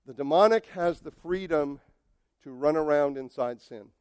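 A male pastor preaches with lively emphasis and talks directly to his congregation. His voice sits high for a man and he swings from soft remarks to loud outbursts. The sound is dry, with no room echo. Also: normal speed, clean tone. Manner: addresses the congregation directly and conversationally. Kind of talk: sermon.

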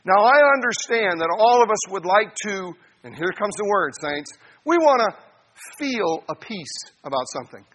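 Pastor, male, high bright voice, lively sermon delivery that swings between quiet asides and loud bursts. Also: normal speed, breathy edge.

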